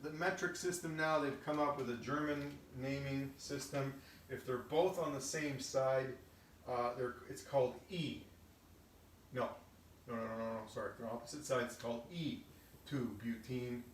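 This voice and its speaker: A man talks through a chemistry lesson at an ordinary, middle pitch. He explains patiently, piece by piece, and checks in with his students as he goes. The mic sits a little away from him, so the room echoes around his voice, with a faint hum of background noise. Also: fairly even intonation, normal speed, recorded from a distance. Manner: explains step by step, often adding "okay?" and restarting phrases. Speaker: chemistry teacher. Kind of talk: casual recorded lesson.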